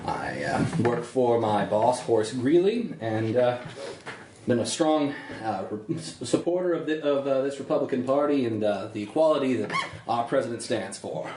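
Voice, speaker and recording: A man playing a tabletop game, introducing his character in a halting way. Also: medium pitch. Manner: halting, laughing easily. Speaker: player. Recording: echoey room, faint noise.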